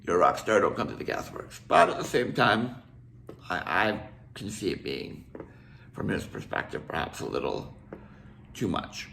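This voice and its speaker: A man's voice: low-pitched, big pitch swings, moderate pace, creaky, pauses often, pushed and bright, slight background noise. An older man from Canada, casually telling a rambling story with restarts and asides. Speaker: musician telling a tour story.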